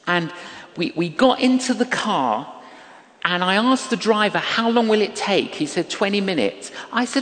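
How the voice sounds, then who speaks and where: A man's voice: extremely high pitch, animated, normal speed. An older man preaching a sermon, telling a story and acting out the quoted voices of the people in it. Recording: long hall reverb.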